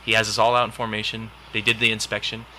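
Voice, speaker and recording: Bright-voiced man telling stories casually. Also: fairly low pitch, fast, a little hiss or hum. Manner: animated, profane, laughs often. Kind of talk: casual chat, storytelling.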